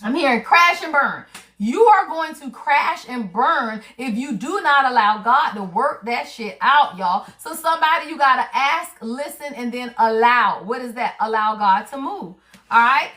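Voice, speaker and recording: A woman's voice: sits high, animated, a little slow, pushed and bright. A woman doing a spiritual card reading on a livestream, chatty and emphatic, talking straight to her viewers with casual slang and swearing. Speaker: tarot reader.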